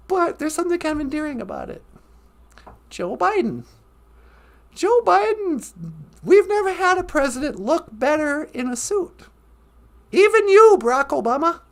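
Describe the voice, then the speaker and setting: A woman hosting a live-stream podcast in casual chat, laughing often and reading lines slowly and dreamily. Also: very high voice, big pitch swings. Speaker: podcast host.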